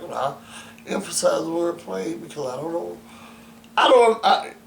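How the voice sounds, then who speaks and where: A man's voice: fairly high pitch, creaky, reverberant, slight background noise, rough recording. A man at home, making an emphatic complaint in formal, wordy phrasing with many stammered restarts. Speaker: interviewee describing his care. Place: home bedroom.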